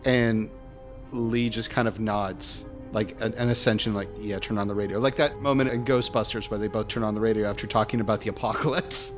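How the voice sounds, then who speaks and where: A man playing in a tabletop game, describing his character in a casual, halting way. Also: fairly low pitch, fairly even intonation, music in the background. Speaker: player.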